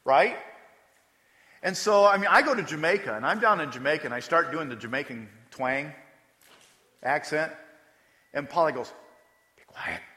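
A man's voice: fairly high pitch, lively intonation, moderate pace, pauses often, bright, forceful tone. A man preaching a sermon as pastor, talking conversationally and repeating words for emphasis. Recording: long hall reverb.

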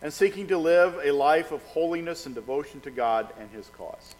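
An older male pastor with a slightly high voice, talking in a relaxed, folksy way from the front of a church. His words ring out with a long hall echo around them. He chats and jokes with the congregation between prayers. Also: normal speed. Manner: folksy, chatty storyteller. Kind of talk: church service announcements and prayer. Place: church sanctuary.

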